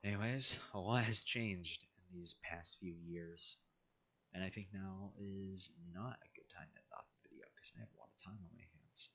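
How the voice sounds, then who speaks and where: Guy narrating a map timeline off the cuff, low voice with a sharp edge, bit husky, keeps correcting himself. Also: fairly even intonation, normal speed. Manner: rambling with wry asides and self-corrections. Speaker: alternate history map narrator.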